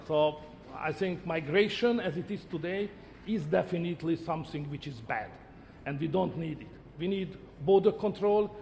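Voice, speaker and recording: A man's voice: a little high, a little mellow, big-room sound, slight background noise. A middle-aged man whose first language is Hungarian, answering interview questions in emphatic short statements that repeat words. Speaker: interviewee, head of government.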